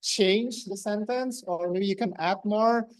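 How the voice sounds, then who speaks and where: A woman's voice: medium pitch, measured pace, no echo. Indonesian lady doing the grammar report at a speaking club, lots of "right?" and "okay", dry sound. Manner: chatty, asks the room questions, many fillers. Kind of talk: interactive club speech. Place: club meeting room.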